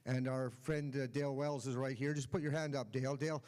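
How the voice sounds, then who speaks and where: A man hosting a conference session, thanking the speaker and addressing the audience in loose, halting remarks. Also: mid-range voice, flat delivery, darkish tone. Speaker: host.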